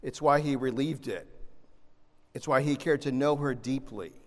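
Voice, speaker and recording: A man preaching a sermon, animated, swinging between loud emphasis and soft, gentle asides. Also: mid-range voice, normal speed. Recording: long reverb of a large hall.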